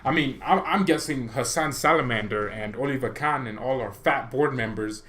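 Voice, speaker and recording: Animated young man giving a football reaction. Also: mid-range voice, moderate pace, a little hiss or hum. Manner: animated, opinionated, rambling with restarts. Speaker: football fan channel host. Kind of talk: casual match reaction vlog.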